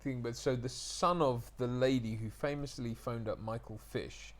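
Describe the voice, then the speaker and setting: A man with an RP accent in casual chat, chatty and animated, often imitating regional accents. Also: mid-range voice, normal speed. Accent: Received Pronunciation.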